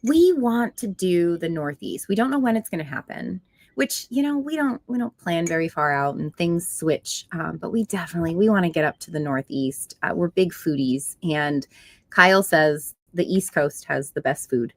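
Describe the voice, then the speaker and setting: A woman's voice: on the low side, animated, moderate pace, no room sound, studio quality. Chatty woman reading live-stream comments. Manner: chatty, reads comments aloud and answers warmly. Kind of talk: casual chat reading viewer comments. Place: living room couch.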